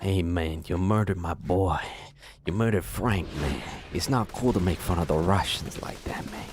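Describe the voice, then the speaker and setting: Low-voiced rambling male streamer. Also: moderate pace, noisy background. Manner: rambling, joking asides to chat. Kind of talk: casual live gameplay commentary.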